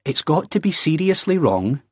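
A man voicing an anxious, earnest young Scottish man who talks in a halting, hesitant way, with a Scottish accent. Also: fairly high pitch, big pitch swings, husky, dry recording, clean studio sound, voice pushed up. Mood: earnest reasoning. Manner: hesitant, halting, drawn-out reasoning.

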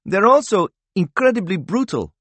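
A man's voice: sits high, big pitch swings, moderate pace, fairly bright tone, breathy edge, no room sound, pitched above the performer's own voice, full character voice. A man voicing a Syrian rebel who speaks fervently and angrily about the war. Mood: indignant.

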